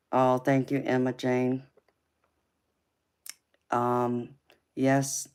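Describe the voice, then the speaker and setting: A woman's voice: a bass voice, flat delivery, very slow, long pauses, darkish tone, clean tone. A woman with a heavy Southern drawl, hosting a casual live stream and calling her viewers honey and sweetheart. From California, raised in Georgia. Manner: affectionate, calls viewers honey and babe. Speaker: tarot reader and livestream host.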